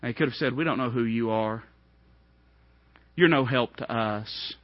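A man preaching a sermon, swinging from hushed, low lines to ringing, high outbursts. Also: measured pace, no room sound, highs cut off.

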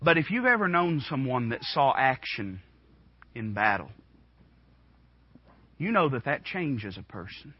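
A man in his twenties preaching a sermon in a church, impassioned, swinging from hushed tones to shouting. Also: medium pitch, very animated, measured pace, long pauses, slightly rough, muffled recording. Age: 20s. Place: church room.

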